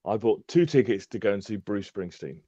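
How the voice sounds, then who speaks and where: A man with a lowish voice chats on a live stream, rambling through fillers and breaking into laughs. His call audio is dry and a little dull, with no room sound at all. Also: lively intonation, a little fast, warm tone, no room sound. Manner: chatty, laughs often, many fillers. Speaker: co-host. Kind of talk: casual live-stream chat.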